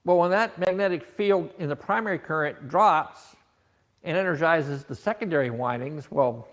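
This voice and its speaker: A man's voice: fairly high pitch, expressive, moderate pace. A man teaching an automotive technical seminar, explaining scope patterns with rhetorical questions and frequent restarts.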